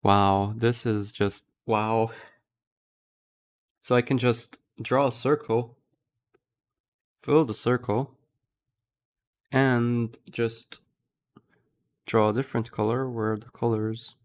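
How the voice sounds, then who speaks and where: A man's voice: mid-range voice, slow pace, long pauses. A man streaming live, chatting casually as he thinks aloud and gushes over a tool he likes. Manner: thinking aloud, gushing with excitement.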